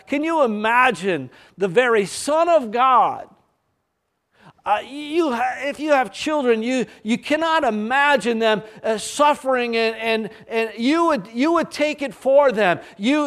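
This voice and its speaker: A high-pitched man delivers a fervent sermon at an unhurried pace. He builds to loud, stretched-out peaks of emphasis and then sinks into hushed, low stretches, stumbling over restarts now and then. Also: animated. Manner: halting restarts and fillers. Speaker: preacher.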